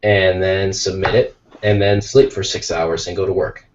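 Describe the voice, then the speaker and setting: An American man co-hosting a podcast, telling jokey stories in a lively, casual way while tired from little sleep. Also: low voice, moderate pace, lo-fi sound, a little hiss or hum. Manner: animated, jokey storytelling. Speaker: podcast co-host. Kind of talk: casual chat.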